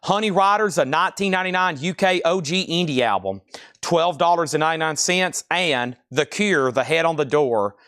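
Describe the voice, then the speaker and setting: Loud live-auction host, man. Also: fairly high pitch, expressive, clear, resonant tone, no room sound, clean studio sound. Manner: rapid-fire calling of bids and prices. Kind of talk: live-stream record auction.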